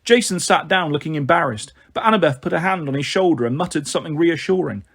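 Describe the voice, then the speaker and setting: A man reading a fantasy novel aloud as narration, slowing down for the verse lines. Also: fairly high pitch, animated, gravelly, fairly bright tone, husky. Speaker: audiobook reader. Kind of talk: storybook narration with light character voices.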